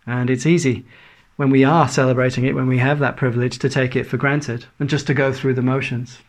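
Gravelly-voiced man preaching a sermon. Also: mid-range voice, flat delivery, a little fast. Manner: earnest preaching with rhetorical questions. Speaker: pastor.

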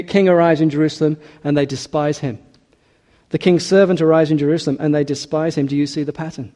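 Male preacher, sermon; mellow tone, emphatic, slows for weight. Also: a little high. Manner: earnest, emphatic, slows and drops on key words.

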